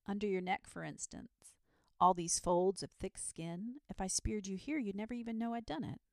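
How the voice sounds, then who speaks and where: A woman's voice: medium pitch, moderate pace, darkish tone, no room sound, clean studio sound, natural voice. A woman voicing an earnest, persuasive knight in a children's storybook, speaking patiently and reasonably.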